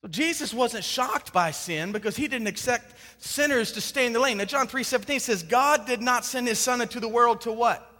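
Male pastor, very high and bright voice, animated emphatic storytelling, long hall reverb. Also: moderate pace, few pauses. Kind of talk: sermon with personal storytelling.

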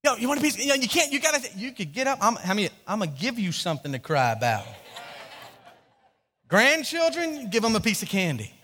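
A man's voice: high voice, sing-song, a little fast, pushed and bright, slight background noise. A man preaching a sermon as pastor, storytelling with animation, acting out quotes and often restarting his sentences. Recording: long hall reverb.

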